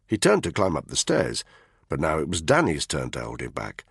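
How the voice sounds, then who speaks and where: A man narrating an audiobook thriller in steady, measured storytelling. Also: a bass voice, vocal fry, slightly rough, no room sound, studio quality. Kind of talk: scripted narration.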